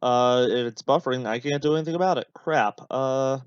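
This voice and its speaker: A man's voice: mid-range voice, brisk, smooth, no echo. Rambling young man on a lo-fi mic. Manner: rambling, many fillers, chatty asides. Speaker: podcast host. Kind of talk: casual watch-along commentary.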